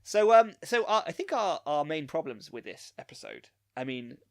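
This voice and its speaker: A man's voice: fairly high pitch, sing-song, moderate pace, no echo. A young man co-hosting a podcast, chatting casually and teasing his co-host with dry, joking asides. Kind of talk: casual chat reviewing an anime episode.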